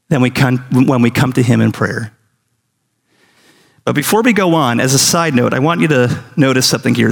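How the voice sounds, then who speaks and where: A man's voice: a little high, vocal fry, fairly bright tone, long reverb tail. A middle-aged man, a pastor, preaching a sermon with earnest questions to his congregation and small acted-out scenes.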